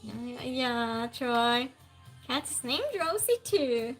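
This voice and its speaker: A woman's voice: a little high, animated, slow pace, soft background music. A woman hosting a casual trivia stream, reading questions aloud and chatting with viewers, sometimes raising her voice.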